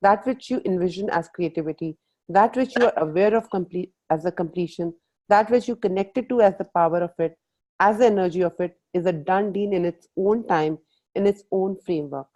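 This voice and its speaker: A woman's voice: lowish voice, a little fast, muffled recording. A woman leading a coaching workshop, asking the group questions and mixing in Hindi phrases. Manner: lively, playful, asks the group questions, mixes in Hindi phrases. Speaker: workshop facilitator. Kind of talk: live coaching talk on a video call.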